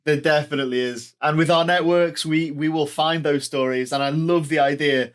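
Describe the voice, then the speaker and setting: A man's voice: a little high, steady tone, normal speed. Upbeat man co-hosting. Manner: upbeat, agreeable, guides the conversation. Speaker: podcast co-host. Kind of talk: casual chat.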